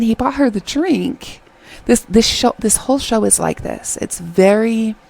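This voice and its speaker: Middle-aged woman chatting about a drama, low gravelly voice, kinda husky, acts out the characters as she goes. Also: low-quality recording. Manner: chatty, retells scenes and quotes characters. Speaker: drama reviewer. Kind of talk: casual review chat.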